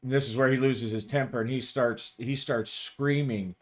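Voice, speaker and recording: A man's voice: mid-range voice, fairly even intonation, moderate pace. A man narrating his solo tabletop role-playing game in a casual, rambling way and chuckling often. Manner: casual, chuckling, frequent restarts. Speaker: game master.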